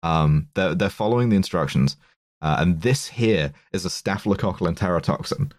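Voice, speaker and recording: Low-voiced man rambling through a science explainer. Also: animated, brisk, a little mellow, no echo, studio quality. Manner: nerdy, rambling, jokey science explanations with frequent ums. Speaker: podcast presenter explaining a slideshow. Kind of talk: casual explainer chat.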